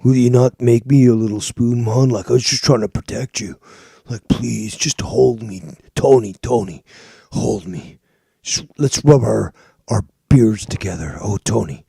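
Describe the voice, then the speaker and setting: Man putting on a loud whiny clingy guy, mock-pleading for a hug; dry close sound. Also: mid-range voice, unhurried, vocal fry, husky, no room sound, full character voice.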